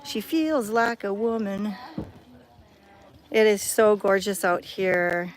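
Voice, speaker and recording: A woman's voice: mid-range voice, steady tone, slow. A woman vlogging on a phone camera outdoors at a cat sanctuary, chatting in a bubbly, enthusiastic way. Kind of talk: casual walking vlog. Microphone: handheld phone camera.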